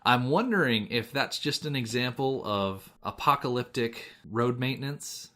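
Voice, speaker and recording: A man's voice: mid-range voice, expressive, moderate pace, a bit bright. A man from the United States co-hosting a film podcast, talking in a chatty, rambling way and laughing often. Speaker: podcast co-host. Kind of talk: casual chat.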